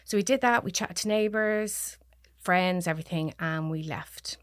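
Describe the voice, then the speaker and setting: A woman with a Dublin Irish accent, a podcast guest telling a personal story, soft-spoken and often dropping to near whispers. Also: fairly low pitch, normal speed, no echo, studio quality. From Ireland.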